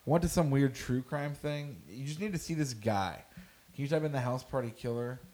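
A man's voice: medium pitch, fairly quick, dark tone. A man co-hosting a podcast in casual chat, telling a rambling story and laughing often. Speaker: podcast co-host.

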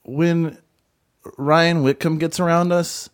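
A man's voice: fairly high pitch, fairly even intonation, takes it slowly. Young man telling a rambling, profane story. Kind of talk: casual chat.

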